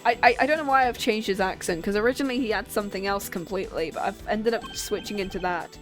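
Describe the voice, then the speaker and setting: A woman's voice: mid-range voice, quick pace, fairly bright tone. A woman streamer giving casual, chatty commentary over a game, with offhand asides about her own reading. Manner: chatty, self-remarking asides. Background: faint game music.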